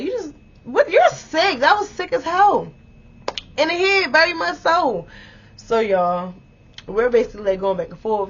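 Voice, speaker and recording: A woman in her twenties telling a story in a casual vlog, animated and exclamatory, swearing freely and talking straight to her viewers. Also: fairly high pitch, husky. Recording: dull lo-fi audio.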